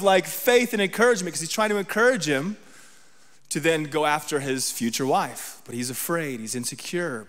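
A man's voice: sits high, a bit bright, long reverb tail. A man giving a sermon as guest preacher, talking conversationally and often checking in with the congregation. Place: church sanctuary.

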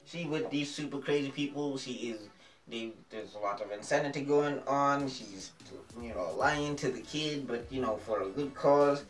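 A man casually reviewing a TV episode in a vlog, excitable and slangy, often repeating phrases. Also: mid-range voice, moderate pace. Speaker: TV show reviewer. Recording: roomy echo, distant mic, faint music.

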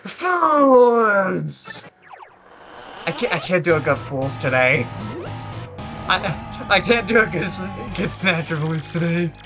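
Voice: mid-range voice, measured pace, music in the background. A let's play host making joking, self-mocking asides while playing. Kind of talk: casual gameplay commentary.

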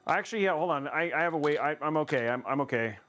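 A man's voice: on the high side, lively intonation, fast, fairly bright tone, a little hiss or hum. A man live-streaming a PC build, talking to his chat in a playful, rambling way and teasing them.

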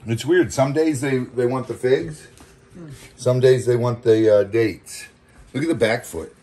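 A man's voice: mid-range voice, unhurried, mellow. A man vlogging while feeding animals outdoors, chatty and coaxing with them. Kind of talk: casual vlog chat.

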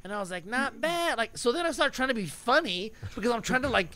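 Male co-host, animated storyteller, very expressive pitch, giggles through his own anecdotes. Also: fast. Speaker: podcast co-host. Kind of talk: casual chat.

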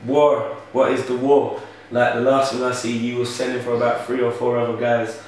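Relaxed London interviewer in an echoey room. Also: male voice, mid-range voice, moderate pace, slight background noise. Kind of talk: casual interview chat. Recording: roomy echo from a distant mic.

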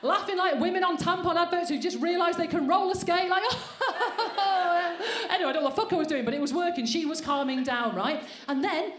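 A woman's voice: very high-pitched, a little fast, hardly any pauses. A woman doing a brash, sweary, self-mocking stand-up set on a comedy club stage. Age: 40s. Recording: roomy live venue sound.

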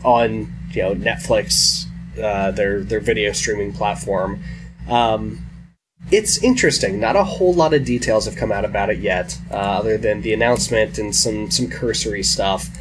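Rambling man over a noisy background. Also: on the low side. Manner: relaxed, rambling with many fillers. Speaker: podcast co-host. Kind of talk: casual chat. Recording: clear background noise.

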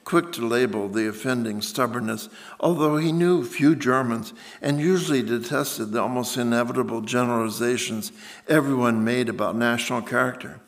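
A man reading his own literary fiction aloud in a measured, deliberate voice. His pitch sits right in the middle range for a man, and he takes his time over the prose. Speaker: author. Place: museum event space.

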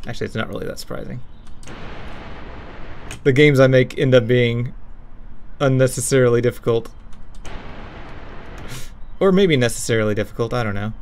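A man's voice: mid-range voice, normal speed, pauses often, darkish tone, slight background noise. A man developing a game on a live stream, thinking aloud and laughing at his own jokes. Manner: self-amused, laughs often, thinking aloud. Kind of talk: casual live-stream chat.

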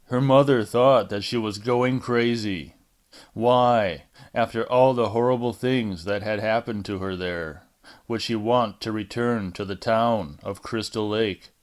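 A man reading a fan-made audiobook in a measured, deliberate way. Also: on the low side. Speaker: audiobook reader. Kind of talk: amateur audiobook narration.

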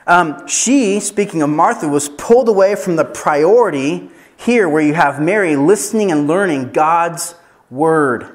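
A man with a high-pitched voice preaches at a training session, telling stories in an animated, chatty way. He laughs along with his own asides and pokes fun at himself. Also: a little slow. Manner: animated storytelling with laughter and self-deprecating asides. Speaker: pastor. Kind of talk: sermon at an evangelism training.

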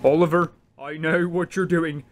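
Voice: mid-range voice, steady tone, moderate pace, slight background noise, pitched below the performer's own voice, lightly acted. Someone voicing an exasperated toy engine. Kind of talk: fan dub of toy trains.

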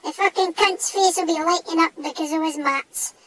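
A man voicing a small, cocky, foul-mouthed male dog with a northeast Scottish accent, speaking in a high squeaky voice. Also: fairly even intonation, moderate pace, bright, forceful tone, no room sound, poor audio. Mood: defiant. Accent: Scottish (northeast, Doric). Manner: sweary, blustering tough talk.

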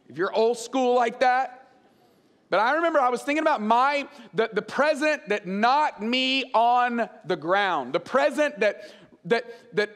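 Man in his 40s preaching, animated and funny, high pitched, echoing through a big church. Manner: animated, joking storyteller. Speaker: pastor. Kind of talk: sermon.

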